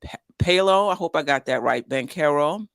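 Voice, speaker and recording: A man's voice: a little high, animated, moderate pace, creaky, a bit bright, smooth, no room sound. A man with a mid-range voice talks plainly and steadily on a sports podcast, reading items off a list. The recording is dry, with no room sound. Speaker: podcast co-host. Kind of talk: casual sports chat.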